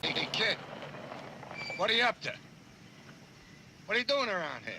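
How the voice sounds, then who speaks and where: A creepy stranger coaxes a kid in a high, sing-song voice that rises and falls. The film clip was recorded outdoors, with loud ambient noise around him. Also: male voice, very animated, moderate pace, creaky, heavily acted, low-quality recording. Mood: coaxing. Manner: coaxing, wheedling. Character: creepy man offering a kid a ride. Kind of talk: film dialogue.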